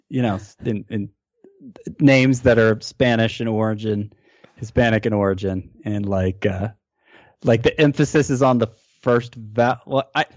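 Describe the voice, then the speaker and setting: A man's voice: on the low side, unhurried, dry recording, muffled recording. A man giving fantasy baseball advice on a podcast, talking casually and restarting often while he explains.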